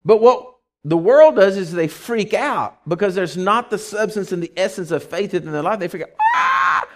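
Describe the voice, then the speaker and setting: A man preaching a conversational sermon, folksy and animated, telling stories and acting out voices. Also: high-pitched, moderate pace. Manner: animated storytelling, acts out voices.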